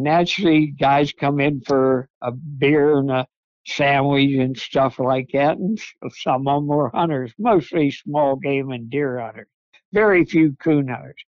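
A man's voice: on the high side, no room sound, highs cut off. An older man, a podcast guest, telling rambling folksy stories about his past. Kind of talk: storytelling interview.

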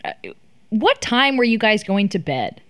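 A woman's voice: a little high, very animated, unhurried, fairly bright tone, dry recording, studio quality. A woman hosting a casual interview, playful and laughing often as she reads out fan questions. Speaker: interview host.

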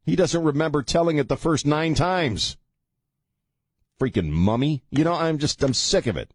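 A man's voice: fairly high pitch, lively intonation, moderate pace, husky, no room sound. A man hosting a talk radio show, ranting with heavy sarcasm into a studio microphone.

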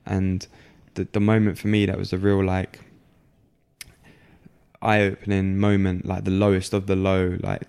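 A young man with a very low, gravelly voice speaks in a flat, even tone. He tells his story candidly, often stopping, restarting and leaning on fillers. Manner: halting, filler-heavy, frequent restarts. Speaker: guest.

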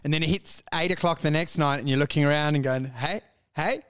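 High-voiced Australian man joking around. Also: fairly even intonation, fast, fairly bright tone, smooth. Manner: swears freely, laughs through his jokes, puts on mock voices. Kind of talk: casual comedic chat.

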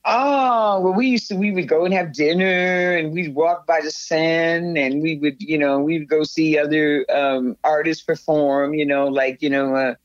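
An older woman, a guest in an interview, recounting a memory in a rambling, animated way, often restarting her sentences. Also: sits low, a little slow, few pauses, no room sound. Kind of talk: storytelling in a conversational interview. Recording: slightly dull, dry sound.

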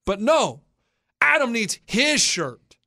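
A man in his thirties hosting a casual talk show, telling a story in an animated way and acting out the voices of the people in it. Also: very high voice, takes it slowly, creaky, no room sound, studio quality. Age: 30s. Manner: animated, acts out quoted voices. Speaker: podcast host.

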